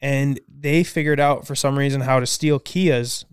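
Animated man spinning a story, clear-voiced. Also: mid-range voice, unhurried, no echo, studio quality. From Minnesota. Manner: animated storyteller, swears freely. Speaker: podcast co-host. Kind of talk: casual podcast chat, storytelling.

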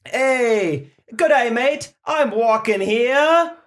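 A man voicing a cheery, brash Australian milkman with a put-on Australian accent and a loud, exaggerated delivery. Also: very high voice, animated, extremely slow, pitched above the performer's own voice, heavily acted. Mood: hammy.

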